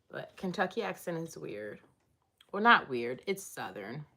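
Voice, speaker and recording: A woman's voice: low voice, expressive, moderate pace, bright, forceful tone. A woman hosting a casual livestream, rambling and chatting as she reads and answers viewer comments from home. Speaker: livestream host. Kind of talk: casual live chat.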